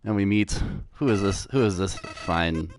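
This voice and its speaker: A man's voice: on the low side, measured pace, faint music behind. A man streaming a game and commentating casually, chatty and rambling, laughing easily. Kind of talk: casual let's-play commentary.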